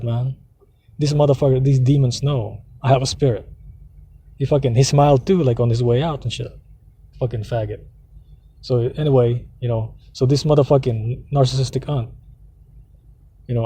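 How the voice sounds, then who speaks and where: A man ranting in a rambling, heavily profane way from the seat of his parked car. His voice is mellow and warm in tone but husky around the edges. He keeps circling back, restarting, and swearing as he tells his story. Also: mid-range voice. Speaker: vlogger. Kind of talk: casual ranting monologue.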